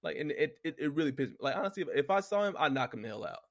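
A man's voice: a little high, lively intonation, racing. A man talking casually and heatedly, cursing constantly and filling his speech with "you know what I'm saying" as he reads off his notes. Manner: profane, heated, full of fillers. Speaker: solo commentator reading from notes. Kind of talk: casual rant and sports talk.

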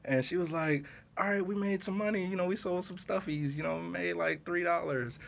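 A man in casual chat, telling a story with lively quoted dialogue and laughter. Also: sits high, moderate pace, creaky, a little hiss or hum.

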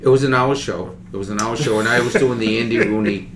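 A man's voice: mid-range voice, fast, roomy sound, crowd noise. Laid-back man with a Boston accent. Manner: relaxed storyteller, often searching for names. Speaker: guest comedian. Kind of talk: casual chat.

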